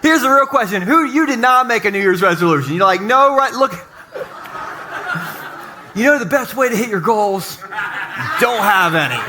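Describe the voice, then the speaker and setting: A man preaching to his congregation in a lively, joking way, speaking in a church basement. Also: high-pitched, fairly quick, noisy background. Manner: energetic, joking, talks to the congregation. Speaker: pastor. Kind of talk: lively sermon opening.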